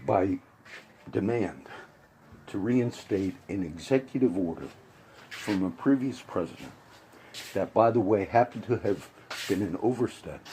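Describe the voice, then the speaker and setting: A man's voice: lowish voice, animated, measured pace, pauses often, mellow, a little hiss or hum, low-quality recording. A man giving a casual, rambling spoken commentary with frequent restarts and asides. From grew up around Puerto Rican and Cuban friends.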